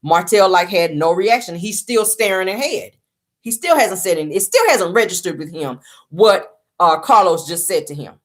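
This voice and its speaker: A woman's voice: on the low side, lively intonation, normal speed. A woman hosting a casual reality-show recap, talking to viewers as y'all and retelling what was said. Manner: chatty, addresses viewers as y'all, retells quotes.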